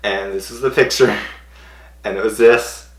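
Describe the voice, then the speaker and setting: Man, lowish voice, rambling excited telling, roomy echo. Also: unhurried. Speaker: vlogger. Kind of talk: casual storytelling.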